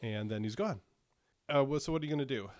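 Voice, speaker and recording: A man's voice: medium pitch, quick pace, a little mellow, no room sound. Game master, man, casual hesitant narration, dry close sound. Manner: casual, hesitant, many fillers.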